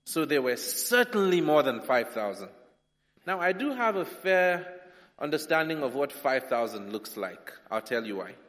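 A man from Nigeria, preaching a sermon with humour, swinging between loud and soft. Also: a little high, very animated, moderate pace. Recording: long hall reverb.

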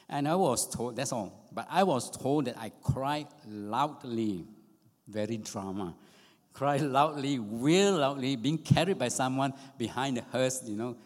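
Earnest preacher in an echoing hall. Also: male voice, mid-range voice, darkish tone. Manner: earnest, repeats phrases for emphasis. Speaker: pastor. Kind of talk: sermon. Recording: long reverb of a hall.

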